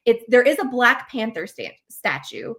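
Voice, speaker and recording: Casting: woman, podcast co-host, chatty and casual, quick to laugh. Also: a little high, sing-song, a bit bright, slight background noise. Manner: chatty, restarts sentences, laughs easily. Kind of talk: casual chat.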